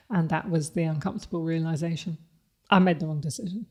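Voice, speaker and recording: A woman's voice: low-pitched, steady tone, a little fast. A woman, speaking candidly and reflectively as a podcast guest, laughing often. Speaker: guest, company CEO. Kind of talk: podcast interview conversation.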